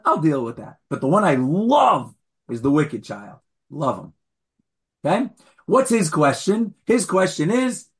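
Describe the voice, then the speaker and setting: A rabbi teaches his class in a chatty, animated way, tossing playful asides to the room. His voice is husky and sits a touch high for a man. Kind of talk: conversational lecture.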